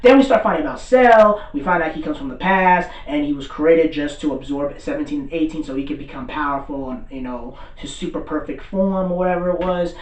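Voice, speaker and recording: A man in a casual, excitable recap rant about an anime, rambling, swearing and filling gaps with "blah, blah". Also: on the high side, a little fast, few pauses. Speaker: anime commentator. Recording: roomy, far from mic.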